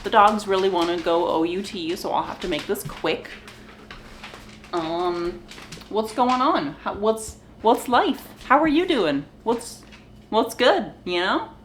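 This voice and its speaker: This young woman's voice sits in the mid range, with lively intonation and a slow pace, over a slight hiss or hum. She's a vlogger chatting loosely to the camera from her kitchen floor at home, rambling, laughing, sighing now and then, and addressing her dogs.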